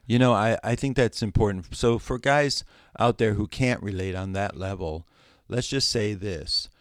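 A man co-hosting a podcast, talking in a reflective, measured way. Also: on the low side, no room sound, clean studio sound. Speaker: podcast co-host. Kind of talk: casual discussion.

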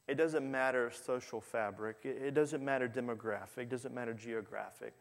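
A man's voice: mid-range voice, fairly even intonation, normal speed, creaky. Guy preaching a sermon, tells the stories and does the voices, big hall echo. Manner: storytelling, acting out quoted figures with rising voice. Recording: long hall reverb.

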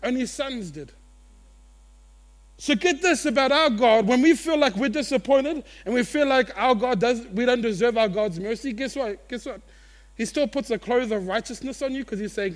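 A man with a fairly high voice preaches to his church with lively energy. He swings between loud, excited bursts and low, quiet stretches, and acts out the people in his story in little voices. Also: normal speed. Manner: animated, acts out quotes, laughs at own jokes. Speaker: pastor. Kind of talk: sermon.

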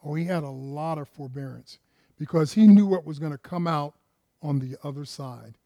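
A man's voice: fairly high pitch, moderate pace, gravelly, mellow, no room sound, studio quality. A man preaching a conversational sermon, firing rhetorical questions at his listeners and often repeating words and restarting phrases.

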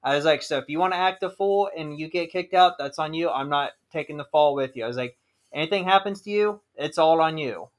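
On the high side and fairly quick, this male podcast co-host chats casually, spinning stories and cursing without restraint.

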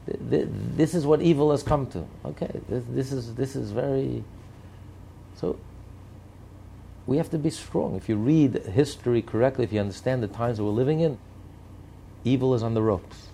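A man's voice: medium pitch, normal speed, creaky, mellow, slight background noise. A man giving impassioned commentary on politics and morality, driving his points home with repeated rhetorical lists. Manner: emphatic, repetitive rhetorical lists.

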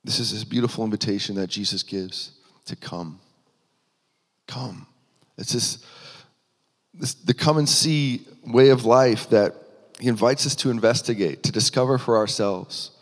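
A man's voice: fairly low pitch, moderate pace. A man preaching a sermon in an earnest manner, voice rising for emphasis, with frequent restarts. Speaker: pastor. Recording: long hall reverb.

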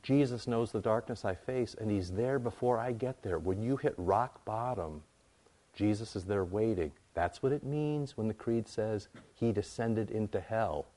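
A male pastor delivers a sermon in a relaxed, conversational tone. His voice sits a little low. He builds his points through emphatic, repeated phrases. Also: a little slow.

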